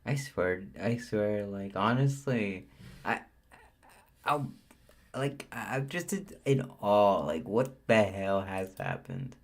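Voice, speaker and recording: Male streamer, low voice, speaks very slowly, halting and stammering in live reaction commentary. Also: expressive.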